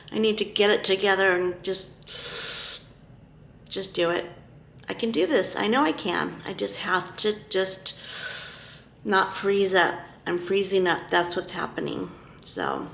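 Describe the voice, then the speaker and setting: Woman vlogger, unhurried and hesitant delivery, echoey room with faint hiss. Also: mid-range voice, creaky, fairly bright tone. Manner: halting, with many fillers and restarts. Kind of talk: casual vlog talk to camera.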